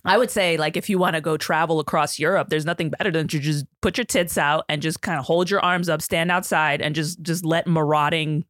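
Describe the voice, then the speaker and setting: A man's voice: on the high side, fairly even intonation, fairly quick, few pauses, a bit bright, no echo, clean studio sound. A man in casual podcast chat, joking crudely and riffing on the others.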